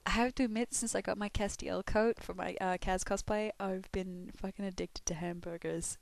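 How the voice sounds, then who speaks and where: A woman's voice: mid-range voice, steady tone, moderate pace, creaky, no room sound. Young aussie woman rambling casually, laughs and swears a lot, dead dry sound. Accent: Melbourne Australian. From Australia. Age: young adult. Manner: chatty and self-deprecating, swears often, laughs a lot. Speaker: fan answering a question tag. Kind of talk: casual audio vlog.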